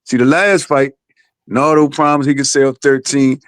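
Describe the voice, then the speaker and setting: A man's voice: medium pitch, fairly even intonation, moderate pace, fairly bright tone, smooth, dry recording. A man, the father of a boxer, telling a story in blunt, profane casual podcast talk.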